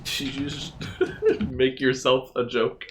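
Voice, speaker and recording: A woman with an unusually deep, low voice chats casually while playing a game on a live stream. She laughs easily and reacts out loud to what happens on screen, with quiet game music behind her. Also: slow pace.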